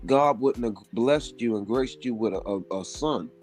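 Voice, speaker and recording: A man's voice: medium pitch, normal speed, a little mellow. Man, stream guest, preachy and emphatic, salty language, faint music behind. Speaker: livestream guest. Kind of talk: casual chat.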